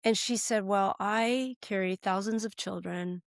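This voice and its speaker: A woman's voice: medium pitch, unhurried, no room sound, clean studio sound. Earnest American woman telling a story. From United States. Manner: earnest, heartfelt, gets choked up. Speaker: guest, political candidate. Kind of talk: personal storytelling in a podcast interview.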